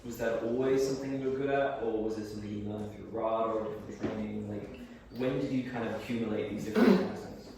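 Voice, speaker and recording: A man's voice: on the low side, fairly even intonation, quick pace, few pauses, darkish tone, slight background noise. A man in the audience asking a question, hesitant and full of fillers. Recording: roomy hall, distant mic.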